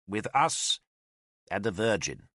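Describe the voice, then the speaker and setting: An imperious old druid, as a man reading the book puts him on, stern and scornful. He snaps and sneers in an audiobook reading, with a bright, lively voice recorded close and dry. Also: on the low side, slow pace, dry recording, full character voice. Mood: sarcastic. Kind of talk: audiobook character voice.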